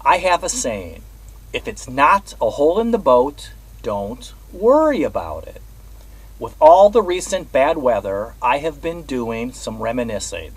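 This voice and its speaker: A man hosting his own vlog, telling a personal story in a measured, earnest way. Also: medium pitch, slightly rough, poor audio. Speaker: host. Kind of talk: reflective personal vlog monologue.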